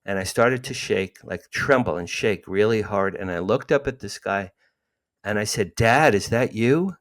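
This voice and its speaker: A man's voice: lowish voice, moderate pace, a bit bright. A man in his sixties, emotionally retelling a personal story as an interview guest, with frequent restarts. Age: 60s.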